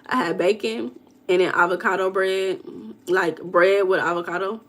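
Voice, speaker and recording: A chatty woman hosts a livestream, reading out viewer comments, answering them and telling stories dramatically. Her voice is mid-range with fairly even intonation, at a normal speed.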